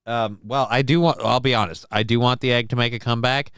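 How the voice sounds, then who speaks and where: A man hosting a live talk show, rambling and joking, with loud bits and quiet asides. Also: mid-range voice, fairly even intonation, fast, clear, resonant tone, no echo, clean studio sound. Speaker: show host. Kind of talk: casual live-show chat.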